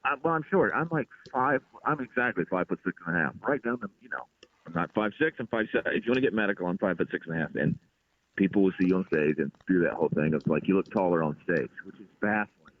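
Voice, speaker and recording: A man, a comedian being interviewed, telling stories in an exasperated, animated way. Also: low voice, fast talker. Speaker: comedian guest. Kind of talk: casual interview chat. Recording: tinny phone-like line.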